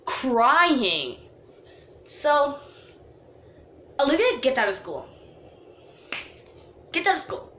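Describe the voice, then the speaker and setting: Woman, storytime vlog, high voice, very expressive, dramatic, echoey room. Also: extremely slow, pauses often. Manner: animated, dramatic storytelling with many "like" fillers. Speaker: vlogger.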